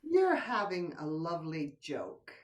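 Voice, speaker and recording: A woman's voice: deep voice, wildly swooping pitch, a little slow, recorded from a distance, exaggerated voice. An older woman acting a playful wife who teases and coaxes her husband, in a stage play performed over a video call. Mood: indignant. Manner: coaxing, teasing, drops to whispers. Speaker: actor in a play. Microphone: computer mic on a video call.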